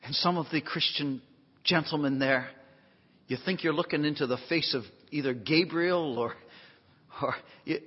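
A high-voiced, husky man preaching a sermon in a big hall with a long echo. He swings from folksy, joking asides to emphatic near-shouted lines. The recording sounds dull and lo-fi. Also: moderate pace. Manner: emphatic, rising to near shouts on key phrases; folksy asides with self-deprecating humor.

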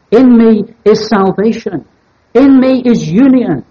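A man preaching an evening Bible sermon in a measured, deliberate way, stressing key words as he teaches. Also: very high-pitched, big pitch swings, breathy edge. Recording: dull lo-fi sermon recording.

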